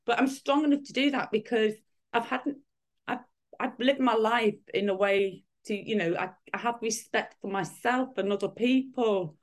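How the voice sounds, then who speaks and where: A woman's voice: fairly high pitch, moderate pace. A woman in her fifties, a guest in a casual interview, talking in rambling sentences full of restarts and fillers. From United Kingdom. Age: 50s.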